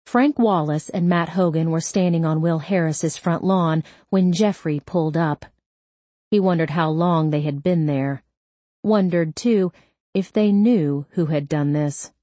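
A woman narrating a crime novel audiobook in a steady, measured way. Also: low voice, no echo.

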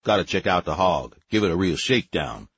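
A man's voice: low-pitched, animated, brisk, fairly bright tone, slightly rough, no room sound, lo-fi sound, heavily acted. A man doing a brash, laid-back sergeant. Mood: breezy.

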